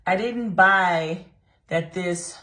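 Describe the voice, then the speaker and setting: This is a young woman chatting through a book review in a slightly low voice. She talks casually and animatedly, laughs often, and slips into mocking voices for the characters. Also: drawn-out words, fairly bright tone.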